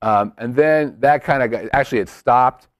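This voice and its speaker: A man's voice: mid-range voice, moderate pace, no echo, clean studio sound. A man co-hosting a casual chat show, playful and joking. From Las Vegas. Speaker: podcast co-host.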